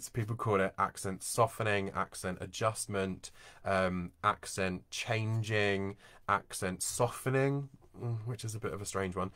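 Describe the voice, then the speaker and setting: A man teaches voice and work in a relaxed, conversational way. He walks through points with everyday examples. His voice sits fairly low yet sounds bright and forward, recorded dry and close over a video call. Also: no room sound. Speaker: voice and accent coach. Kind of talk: informal online teaching talk.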